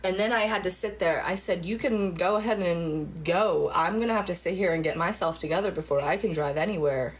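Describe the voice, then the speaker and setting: A middle-aged woman at home telling viewers a long story in a rambling, animated way, full of fillers and swearing. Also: on the low side, a little fast, few pauses, slight background noise. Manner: rambling, animated retelling with lots of fillers and profanity. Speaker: vlogger.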